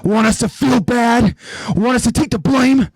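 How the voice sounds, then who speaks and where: A man voicing a volatile, guilt-ridden young male soldier who shouts back in sarcastic defiance. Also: very high voice, normal speed, breathy edge, no echo, studio quality, voice pushed up, exaggerated voice. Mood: defiant.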